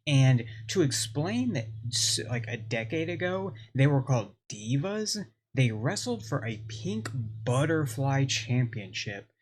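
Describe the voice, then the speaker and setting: A man co-hosting a reaction video, talking in a relaxed, chatty way with plenty of fillers. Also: medium pitch, a little slow, slightly rough. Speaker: co-host. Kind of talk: casual chat.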